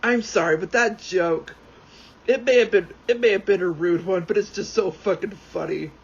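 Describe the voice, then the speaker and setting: A man rambling excitably as he plays a game, swearing freely and often going off on tangents. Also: sits high, moderate pace, gravelly, husky. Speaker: gaming YouTuber. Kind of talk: casual commentary while playing. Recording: dull lo-fi sound with faint background noise.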